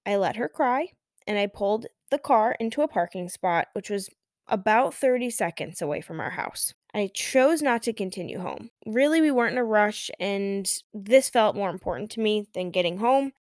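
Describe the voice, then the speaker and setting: Calm woman telling a parenting story. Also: medium pitch, no room sound, studio quality. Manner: calm, measured, with audible sighs. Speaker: podcast host and mother. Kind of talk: reflective solo podcast storytelling.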